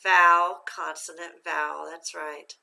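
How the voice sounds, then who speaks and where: Bright-voiced woman teaching a phonics lesson. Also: medium pitch, animated, a little slow, low-quality recording. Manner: patient, asks questions and waits for answers. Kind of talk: phonics lesson for young learners.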